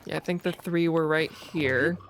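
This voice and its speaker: A man streaming a video game, thinking out loud in casual commentary and poking fun at himself. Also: a little high, fairly even intonation, background noise. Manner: musing aloud, self-mocking, quick laughs. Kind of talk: casual let's-play commentary. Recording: faint game music behind.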